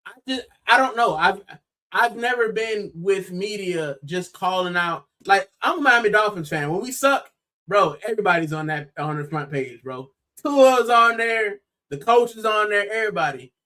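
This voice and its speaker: Young American male co-host, bright forceful tone, excitable, chatty sports banter. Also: sits high. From United States. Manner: animated, exclaiming, says bro often. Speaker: podcast co-host. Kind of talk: casual football chat.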